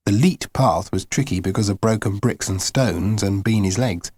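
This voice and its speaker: A man's voice: lowish voice, normal speed, darkish tone, slightly rough, no room sound. Subdued male audiobook narrator. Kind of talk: first-person audiobook narration.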